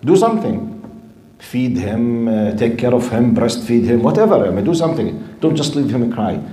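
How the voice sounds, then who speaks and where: Stern old caliph yelling over a wall, lecturer doing the voice, mellow tone, echoey room. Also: male voice, medium pitch, big pitch swings, moderate pace, natural voice. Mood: scolding. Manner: scolding, raised voice. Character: stern, exasperated older male caliph on night patrol.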